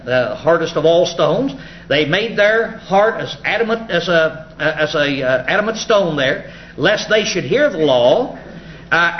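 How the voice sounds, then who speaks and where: A man preaching a Bible study sermon, explaining scripture in a folksy, halting way with many filler sounds. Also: high-pitched. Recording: echoey, muffled room recording with faint ambient noise.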